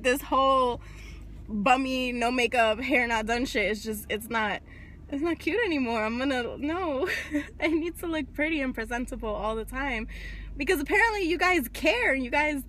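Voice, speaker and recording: A woman with a slightly raised pitch chats to her phone camera in a casual vlog. Her talk rambles, full of fillers and quick laughs. A faint hiss sits behind her voice. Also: a bit bright. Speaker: vlogger. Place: home, then a shop fitting room, then her car. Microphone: phone camera held by hand.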